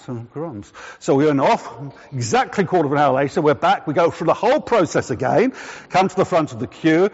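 A man preaching, telling a chatty anecdote and then slowing down to press home his points. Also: fairly high pitch, expressive. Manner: chatty storytelling, slowing to deliberate emphasis. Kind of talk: sermon with a personal anecdote. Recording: echoey hall, dull lo-fi sound.

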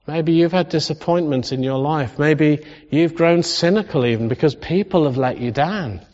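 A man preaching in a church hall, his fairly high voice shifting from easy conversation to animated, climbing emphasis. A long reverb trails each line, and the recording sounds muffled and dull. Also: moderate pace. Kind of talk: sermon.

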